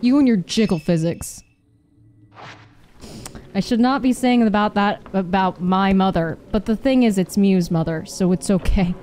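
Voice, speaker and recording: A woman's voice: mid-range voice, normal speed, dark tone, a little hiss or hum. A woman in her twenties giving let's-play commentary on a horror game, swearing, laughing and snapping at the game. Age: 20s. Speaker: gaming streamer.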